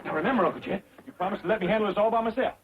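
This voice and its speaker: A man's voice: sits high, rapid-fire, natural voice. An actor playing a naive, boastful young hillbilly man with a drawling rural Southern accent in a sitcom. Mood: cocky. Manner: drawling, folksy. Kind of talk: 1960s sitcom acting. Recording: dull old TV audio, audience laughter, hiss.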